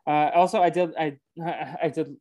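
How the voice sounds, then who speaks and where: A man's voice: on the high side, steady tone, measured pace, darkish tone. A man co-hosting a casual podcast, recapping film scenes step by step with frequent hesitations. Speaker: podcast co-host.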